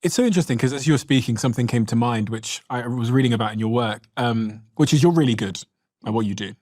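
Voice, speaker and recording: A man hosting a podcast speaks quickly, restarting his sentences as he works through his thoughts. His voice sits in a middle pitch and is recorded dry and close. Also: a little mellow, dry recording. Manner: quick, self-questioning, restarts often. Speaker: podcast host. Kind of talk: podcast interview.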